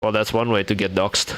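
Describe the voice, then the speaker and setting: A young man from Indonesia, chatting loosely with the viewers of his stream. His voice sits a little low, and he laughs often, stumbling over and restarting his sentences as he goes. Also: fairly bright tone. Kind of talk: casual live-stream chat.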